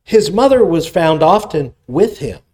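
A man's voice: a little high, big pitch swings, unhurried, warm tone. A man preaching an expository sermon in a conversational way, retelling scripture in everyday voices.

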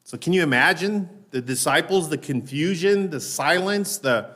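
A man with a slightly higher voice gives a sermon in a conversational tone. He often checks in with his listeners and slows down on key words. He grows louder and higher when he acts out the lines of the people in his story. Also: animated. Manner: conversational preaching, often asks "right?", slows down for emphasis; raises his voice when acting out Peter's lines. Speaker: pastor.

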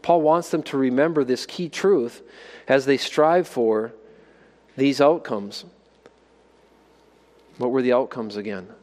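A man's voice: mid-range voice, takes it slowly, long pauses, a little mellow, in a large hall. A man preaching a sermon, asking his listeners rhetorical questions and building to emphatic exhortations. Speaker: pastor.

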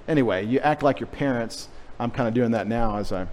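A man's voice: medium pitch, lively intonation, brisk, a little hiss or hum. A middle-aged man from Texas preaching a sermon with a light Texas accent, joking in chatty asides. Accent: Texan. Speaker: pastor. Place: church.

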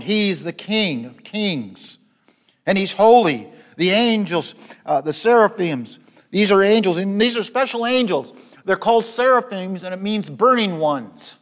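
A man preaching a sermon, rising to loud, high repetitions and dropping to soft, low passages, often restarting his phrases. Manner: repeats words and restarts phrases.

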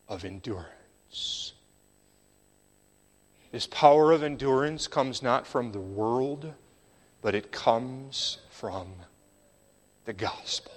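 A man delivering a sermon at a slow, deliberate pace. His preaching is measured and emphatic, rising for stress and then sinking low, almost to a whisper, on key words.

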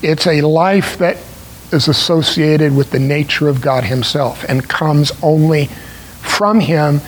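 A man preaching a sermon, explaining a scripture passage in a deliberate way with pauses. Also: fairly high pitch, slight background noise, rough recording. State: clearing his throat.

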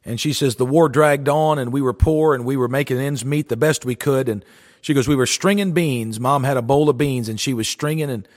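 A man's voice: medium pitch, a little fast, in a large hall. A man preaching a sermon, telling a folksy story in an earnest way.

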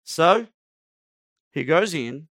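High-voiced male preacher, dry sound. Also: expressive, drawn-out words, fairly bright tone, dry recording. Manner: emphatic, dramatic preaching with acted-out quotes. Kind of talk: sermon.

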